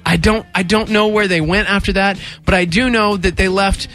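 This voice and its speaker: A young man hosting a radio talk show, telling a story in casual chat, animated and acting out voices in quotes. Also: high voice, soft background music. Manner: animated, acts out voices in quotes, quick bursts. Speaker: radio station host.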